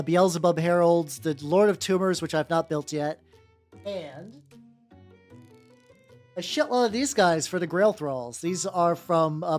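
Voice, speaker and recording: A woman streamer chatting casually while painting miniatures, rambling and swearing, with lots of fillers and restarts. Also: on the low side.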